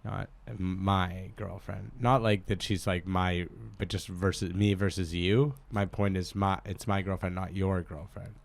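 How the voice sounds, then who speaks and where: Podcast guy rambling and swearing, super low gravelly voice. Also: measured pace, few pauses, a little hiss or hum. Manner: rambling, excitable, profane. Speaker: podcast co-host. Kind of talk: casual podcast chat.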